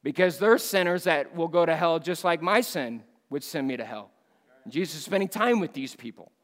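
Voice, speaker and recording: A man preaches a sermon at a church missions conference, animated and emphatic, swinging between loud bursts and low, quiet lines. He speaks fairly quickly, and a long reverb tail follows his voice.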